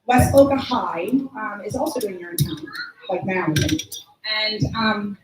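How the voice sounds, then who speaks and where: A woman's voice: mid-range voice, expressive, moderate pace, noisy background. A woman hosting a student recital as the drama teacher, talking in a chatty, rambling, effusive way with lots of fillers. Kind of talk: emcee remarks at a student recital. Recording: echoey room.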